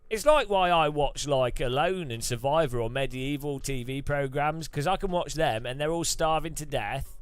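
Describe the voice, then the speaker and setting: A man's voice: a little high, measured pace, clean tone, faint music behind. A middle-aged man hosting a live stream, chatting casually and ranting with swearing and mocking put-on voices. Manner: animated, ranting, swears, mimics voices for effect. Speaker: streamer host.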